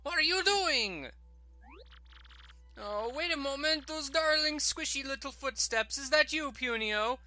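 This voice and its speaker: A man puts on a pompous older woman for a game. She is vain and theatrical, with a bright, sharp tone and a sing-song lilt. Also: extremely high pitch, lively intonation, measured pace, pitched above the performer's own voice, full character voice. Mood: doting. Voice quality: haughty, theatrical.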